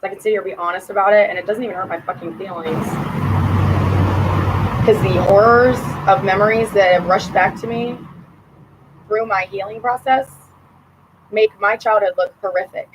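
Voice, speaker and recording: A woman venting to her camera at her sister, bitter and profane, her voice dropping low or flaring hot. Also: fairly even intonation, moderate pace, pauses often, noisy background. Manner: swings between muttering and heated outbursts. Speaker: vlogger addressing her sister. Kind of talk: personal rant to camera.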